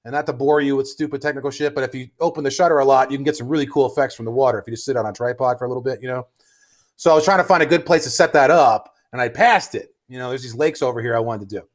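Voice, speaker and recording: A man co-hosting a casual comedy podcast, telling a sweary, animated story. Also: medium pitch, rapid-fire. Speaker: co-host.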